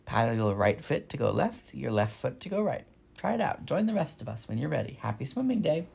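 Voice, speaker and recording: A man voicing a brisk, motherly old female goose in a storybook reading, kindly instructing and bossy. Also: mid-range voice, sing-song, vocal fry, a little mellow, breathy edge, full character voice. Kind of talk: storybook read-aloud.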